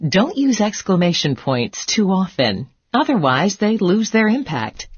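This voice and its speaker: A woman's voice: medium pitch, sing-song, measured pace, slightly rough, dry recording. A woman playing a teacher in a scripted educational dialogue, patient and encouraging.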